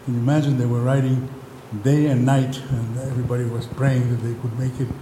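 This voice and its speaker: Man, panel speaker, halting delivery, long hall reverb, faint background noise. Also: mid-range voice, little pitch movement, warm tone. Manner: hesitant, many ums, raising voice when the mic fails. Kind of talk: informal lecture with a joke.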